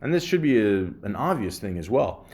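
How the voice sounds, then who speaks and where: A man's voice: fairly low pitch, sing-song, a little fast, darkish tone. Profane ranting male podcast host. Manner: profane, exasperated ranting with lots of fillers. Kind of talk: solo ranting podcast monologue.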